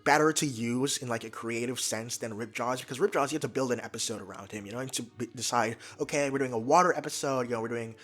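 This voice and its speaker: Eager young male commentator, rambling and animated, occasional stutters, faint music bed. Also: mid-range voice. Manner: energetic, fast, stumbles and restarts when excited. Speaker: YouTube commentator. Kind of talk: excited casual commentary.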